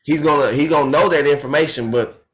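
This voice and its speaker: A man's voice: on the high side, fast talker. A man leading a team training call, casually praising a colleague with anecdotes. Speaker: team leader hosting the training. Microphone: video call.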